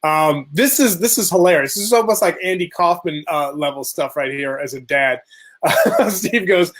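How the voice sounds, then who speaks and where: A man's voice: fairly high pitch, animated, moderate pace, a bit bright. A man co-hosting a casual dad podcast, upbeat and encouraging as he reads out viewer comments. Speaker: podcast co-host. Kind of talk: casual chat.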